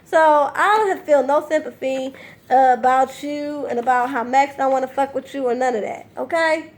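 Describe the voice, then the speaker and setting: Woman recap host, high bright voice, sassy, blunt, swears freely, chatty commentary. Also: normal speed. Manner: sassy, blunt and profane, animated retelling. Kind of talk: casual reality TV recap commentary.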